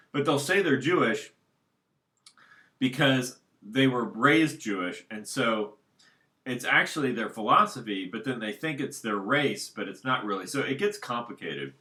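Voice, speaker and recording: Bright-voiced man rambling at home. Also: mid-range voice. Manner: rambling, thinks aloud, circles back to points. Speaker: solo commentator. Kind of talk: casual unscripted monologue.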